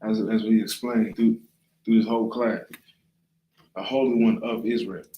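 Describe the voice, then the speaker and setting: A man's voice: lowish voice, fairly even intonation, normal speed, reverberant, muffled recording, a little hiss or hum. A man leading a casual Bible class, talking loosely and often checking in with the listener. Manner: conversational, often asks "right?" and "you know what I'm saying?". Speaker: class leader.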